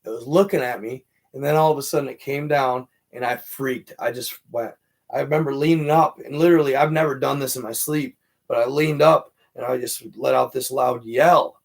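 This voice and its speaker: A man's voice: mid-range voice, moderate pace, vocal fry. A man hosting a casual livestream, rambling through a personal story with lots of fillers and restarts. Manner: rambling, filler-heavy, animated retelling. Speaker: livestream host.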